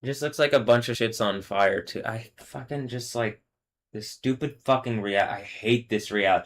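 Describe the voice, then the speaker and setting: A man's voice: medium pitch, normal speed. Bitter man ranting with profanity. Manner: bitter, profane, trailing off mid-sentence. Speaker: livestream host. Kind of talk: solo livestream rant.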